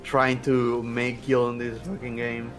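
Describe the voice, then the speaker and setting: A man's voice: medium pitch, completely flat delivery, unhurried, faint music behind. Rambling, joking man on voice chat. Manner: rambling, joking, swears casually. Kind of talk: live stream banter.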